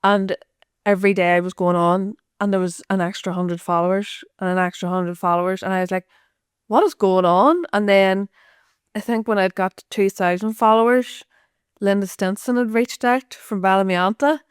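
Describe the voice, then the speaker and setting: A woman's voice: mid-range voice, steady tone, moderate pace, clear, resonant tone, dry recording, clean studio sound. A woman, a podcast guest chatting candidly, swearing freely and laughing often. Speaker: podcast guest, social media creator. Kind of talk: candid casual chat.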